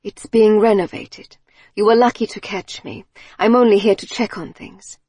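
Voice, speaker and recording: A woman's voice: medium pitch, normal speed, darkish tone, breathy edge, no echo, natural voice. A woman voicing a guarded, curt woman of about fifty who speaks with a slight foreign accent. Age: 50s. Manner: cold, clipped, guarded.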